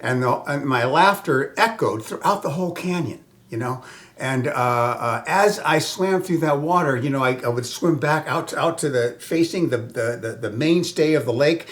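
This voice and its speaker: A man from Southern California rambling through a personal story, stumbling over restarts and fillers. He chuckles often and drops into hushed, whispered asides. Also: medium pitch, normal speed.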